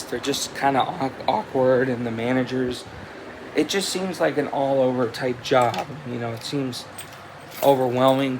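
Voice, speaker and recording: A man's voice: mid-range voice, noisy background. A man in his twenties talking casually to the camera in a vlog. He tells a loose, rambling story with frequent swearing and restarts. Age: 20s. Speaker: vlogger. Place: indoors at home, with a cat.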